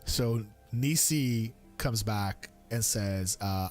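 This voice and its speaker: A man's voice: slow, hardly any pauses, darkish tone, faint music behind. A man in his thirties chatting casually on a live stream, rambling with fillers and restarts. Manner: high squeaky voice when quoting his young son.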